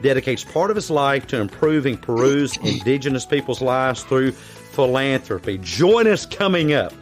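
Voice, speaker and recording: A man's voice: medium pitch, animated, moderate pace, soft background music. A man with an American Southern accent hosting a podcast interview, talking in a folksy, chatty way. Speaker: podcast host.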